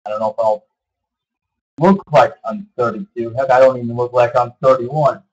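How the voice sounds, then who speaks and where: Vlogger, male, early 30s, husky voice, meandering delivery, dull lo-fi recording. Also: medium pitch, normal speed, a little mellow. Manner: meandering, repeats himself, many fillers. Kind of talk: rambling casual monologue.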